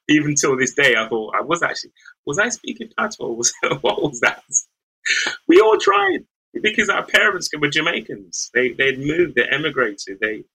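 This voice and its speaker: A man's voice: medium pitch, bright, forceful tone, husky, rough recording. A middle-aged man from the West Midlands, a lawyer, recalling his youth in a thoughtful, searching interview manner. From English West Midlands. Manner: thoughtful, searching, with frequent restarts and light laughs. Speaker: lawyer and podcast guest. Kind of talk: reflective interview storytelling.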